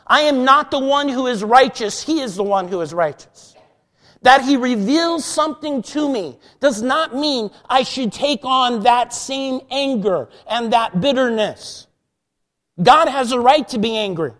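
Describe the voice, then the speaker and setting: High-voiced preacher in a reverberant hall. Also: male voice, expressive. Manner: preaching with slow emphatic repetition, rising to near-shouted prayer. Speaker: pastor. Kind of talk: sermon.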